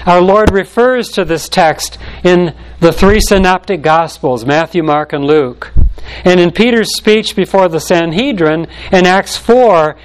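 Male preacher, slightly raised pitch, measured emphatic sermon delivery with slowed stressed phrases. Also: slight background noise, rough recording.

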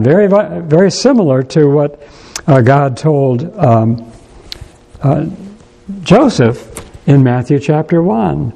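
Man giving a sermon in church, warm mellow voice, stops and starts a lot, takes his time. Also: on the high side, expressive, creaky, rough recording. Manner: unhurried, thoughtful, frequent hesitations and restarts. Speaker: preacher.

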